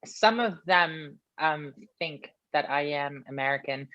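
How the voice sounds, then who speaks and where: A woman's voice: low voice, a little slow, no echo. A young woman with a Canadian accent, chatting as an interview guest and using lots of fillers. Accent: Canadian English. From Philippines. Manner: chatty, many fillers, animated retelling. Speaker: guest, wrestler. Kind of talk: casual interview chat. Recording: dull lo-fi call audio.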